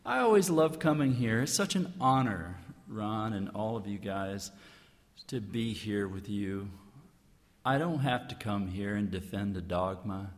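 A man giving an earnest, emphatic inspirational talk as a guest speaker, stressing key phrases slowly. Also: fairly low pitch, lively intonation. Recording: long hall reverb.

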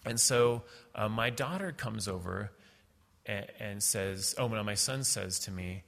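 Gravelly middle-aged man telling a story. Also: fairly low pitch, a bit bright, big-room sound. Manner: halting, many fillers and restarts. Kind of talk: personal storytelling.

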